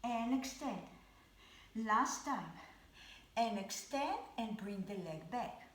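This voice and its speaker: A woman leading a Pilates class at home, cueing each movement with calm, repeated counts. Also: on the high side, slow, roomy sound. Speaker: Pilates instructor. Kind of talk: live exercise class instruction.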